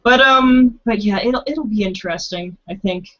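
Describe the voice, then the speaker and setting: A woman's voice: mid-range voice, moderate pace, muffled recording, crowd noise. A woman player chatting casually about her tabletop character, giggly and stumbling over her words. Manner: giggly, laughs often, stumbling restarts. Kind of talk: casual chat planning a tabletop game.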